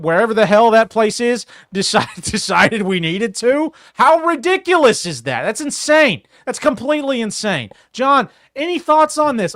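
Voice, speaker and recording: A man with a notably high voice rants sarcastically and swears freely, hosting a casual live stream. He talks close into a desk mic in a dry, dead room. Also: fairly bright tone, no echo. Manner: sarcastic, profane ranting. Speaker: podcast host.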